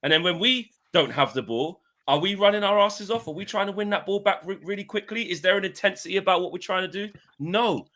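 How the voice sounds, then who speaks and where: A man's voice: high voice, lively intonation, fairly quick, hardly any pauses, bright, forceful tone. A man speaking as a football pundit in a casual panel debate, fed up and complaining emphatically.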